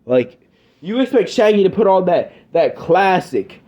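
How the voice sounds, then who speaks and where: A man's voice: sits high, big pitch swings, unhurried, dark tone, lo-fi sound. Exasperated ranting male reviewer. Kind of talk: scripted review commentary.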